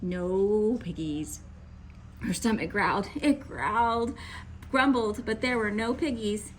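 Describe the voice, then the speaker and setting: A woman reading a children's picture book aloud, with playful, expressive narration. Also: medium pitch, takes it slowly, a little hiss or hum. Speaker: storybook reader.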